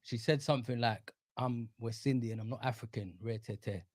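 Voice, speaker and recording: A man's voice: medium pitch, normal speed, no room sound. Man, insistent casual explainer, dry sound. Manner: insistent, storytelling, paraphrasing. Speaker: podcast guest.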